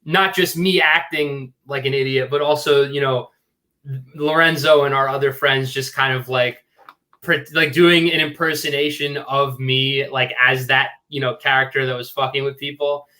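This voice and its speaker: Rambling filmmaker, full of "like"s. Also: male voice, mid-range voice, fairly even intonation, normal speed, pushed and bright. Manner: rambling, filler-heavy, earnest. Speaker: filmmaker guest. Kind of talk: casual interview chat.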